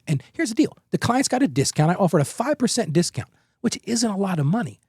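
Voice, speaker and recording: A man's voice: sits high, very animated, quick pace, a little mellow, breathy edge, no room sound, studio quality. A middle-aged man hosting a business podcast, giving emphatic, conversational advice with anecdotes and rhetorical questions. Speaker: podcast host. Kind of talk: energetic business advice monologue.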